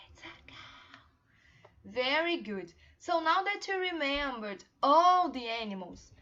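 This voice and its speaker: High, slow, encouraging teacher. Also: female voice, pushed and bright. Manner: slow, encouraging, sing-song questions. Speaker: English teacher for young children. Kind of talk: children's online class with songs. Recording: slightly dull lo-fi home recording.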